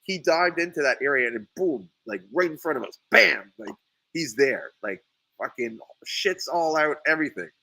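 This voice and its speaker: A man hosting a casual chat, telling a story with lots of energy, laughing often and voicing the people in it loudly. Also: fairly high pitch, animated, normal speed, vocal fry, low-quality recording. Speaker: sea moss farmer and podcast host.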